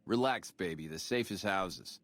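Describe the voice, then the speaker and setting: A slick casino doorman from a video game, oozing retro lounge jive and calling everyone baby. His voice sits fairly low and sounds dry and close, with no room around it. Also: expressive, moderate pace, fairly bright tone, no room sound. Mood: smooth. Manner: jive lounge slang, calls people baby. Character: slick smooth-talking male casino doorman.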